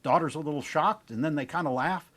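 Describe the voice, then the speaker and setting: A man's voice: on the high side, fast talker, fairly bright tone. A man co-hosting a podcast, telling a history anecdote and a joke in casual chat. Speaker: podcast co-host.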